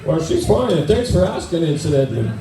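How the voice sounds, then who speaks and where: A man's voice: a little high, sing-song, fast talker, echoey room, recorded from a distance, rough recording. A man with a Newfoundland accent doing stand-up in front of an audience, telling folksy jokes and talking with the crowd. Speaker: stand-up comedian. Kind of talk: stand-up storytelling in character. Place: event hall with an audience.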